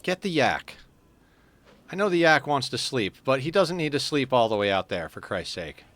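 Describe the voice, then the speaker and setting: A man's voice: sing-song, normal speed, fairly bright tone, a little hiss or hum. Man chatting casually on his game stream, voice a bit sore. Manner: coos to his cat in a high sing-song baby voice. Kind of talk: casual gaming stream chat.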